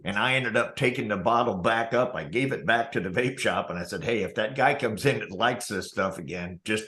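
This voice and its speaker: A man's voice: on the low side, a little fast, pushed and bright, reverberant. A man on a casual group chat, telling a teasing anecdote.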